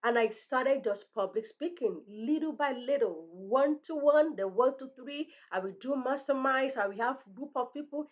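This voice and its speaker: Woman, high voice, strong thick accent, earnest, encouraging, motivational host. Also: animated, moderate pace, few pauses. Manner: earnest, encouraging, ends in prayer. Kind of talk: motivational talk. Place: room lined with bookshelves.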